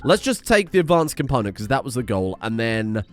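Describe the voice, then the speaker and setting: A young man giving casual, sweary let's-play commentary while playing a strategy game, animated and self-mocking, with sudden outbursts. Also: medium pitch, fairly quick. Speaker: gaming YouTuber.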